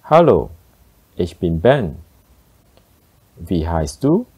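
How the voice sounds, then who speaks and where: A man reading the part of a friendly thirty-year-old in a slow textbook dialogue. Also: deep voice, sing-song, dark tone, slightly rough, heavily acted.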